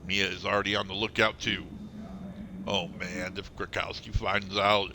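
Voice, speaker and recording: A man's voice: deep voice, flat delivery, measured pace, gravelly, pauses often, sharp tone, a little hiss or hum. A man streaming a game, reading all its dialogue aloud in his own voice, stumbling over words now and then, with the hiccups. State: has the hiccups.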